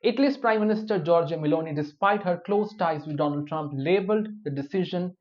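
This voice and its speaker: A man's voice: on the high side, brisk. A man giving news commentary, dropping wry, opinionated personal asides between the reports. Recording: dull lo-fi recording.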